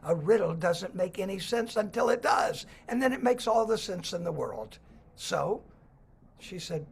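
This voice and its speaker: A man telling a children's story and explaining it, animated and acting out the voices. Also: sits high, measured pace, gravelly, slightly rough. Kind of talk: storytelling talk.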